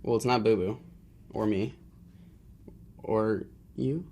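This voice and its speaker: A man's voice: on the low side, slow pace, darkish tone, a little hiss or hum. A man chatting as an interview guest, with a dry, teasing manner. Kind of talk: casual chat.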